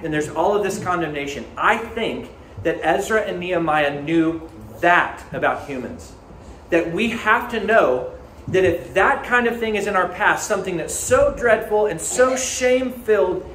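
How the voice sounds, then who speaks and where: A man's voice: high voice, expressive, normal speed, fairly bright tone. A man preaching a sermon as pastor, talking in a conversational, earnest storytelling way. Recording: echoey room, faint ambient noise.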